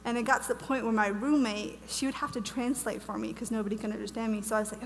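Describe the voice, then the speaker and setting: A woman's voice: fairly high pitch, steady tone, fast. Chatty young woman in a hall. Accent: American, lost her Welsh accent. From Wales. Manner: bubbly, chatty, many fillers and restarts. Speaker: guest speaker. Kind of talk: casual testimony talk at a conference. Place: church hall. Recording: reverberant hall, faint hum.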